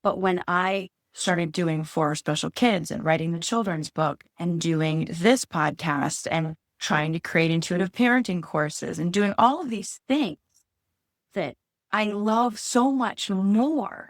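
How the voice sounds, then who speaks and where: A woman's voice: fairly low pitch, unhurried, no echo, studio quality. Candid, emotional woman podcast host. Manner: candid, openly emotional, searching for words. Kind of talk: casual heartfelt chat.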